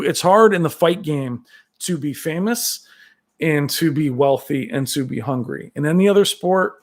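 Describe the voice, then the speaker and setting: A man hosting a casual live-stream chat, reading viewer comments and rambling on with many fillers and restarts. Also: medium pitch. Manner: does brief movie-quote impressions. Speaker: tech channel host reading live chat.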